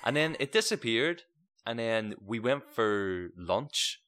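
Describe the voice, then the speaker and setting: A young man, co-hosting a podcast and telling a story in casual, animated chat, swearing freely and leaping up in pitch when he quotes people. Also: slow pace. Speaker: podcast co-host.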